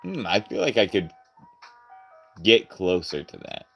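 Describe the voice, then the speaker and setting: A man's voice: low-pitched, a little slow, fairly bright tone, highs cut off, faint music behind. A man chatting casually on a live stream, goofy and rambling, laughing often and trying out character voices.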